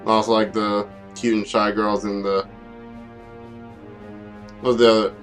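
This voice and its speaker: A man's voice: lowish voice, flat delivery, unhurried, faint music behind. A man in his twenties giving an unscripted game review, rambling, laughing often and making self-deprecating asides.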